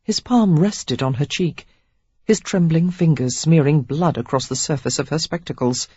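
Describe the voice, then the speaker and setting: A woman narrating a romance audiobook in an expressive, steady storytelling manner. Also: low-pitched, normal speed, husky, no echo, lo-fi sound. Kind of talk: scripted narration.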